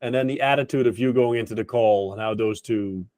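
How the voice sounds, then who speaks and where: A man hosting a business interview who agrees readily and thinks out loud, using fillers as he works out his questions. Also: lowish voice, fairly quick, dry recording. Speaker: interview host, sales trainer. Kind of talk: conversational interview.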